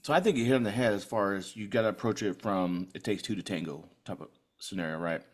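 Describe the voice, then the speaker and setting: Low-voiced, fast-talking podcast man. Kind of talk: casual podcast chat.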